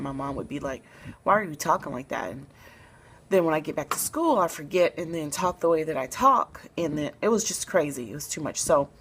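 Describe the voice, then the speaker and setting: A woman from Memphis, Tennessee, with a notably low-pitched voice tells a personal story straight to camera. She talks in a relaxed, soft-spoken way and often pauses on fillers. A faint hum of noise sits underneath her voice. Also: low-quality recording. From Memphis, Tennessee, USA. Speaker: vlogger telling a personal story.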